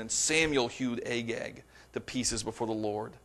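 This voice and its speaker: A man delivering a sermon, reading scripture aloud with dramatic emphasis and rising to forceful peaks. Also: medium pitch, unhurried. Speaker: preacher.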